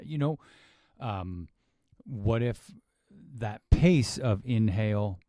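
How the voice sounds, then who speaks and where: A man with a low, mellow voice talks casually about teaching yoga. He muses aloud with restarts and questioning asides. The sound is dry and close. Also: no room sound. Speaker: yoga teacher reviewing a class. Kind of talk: casual commentary.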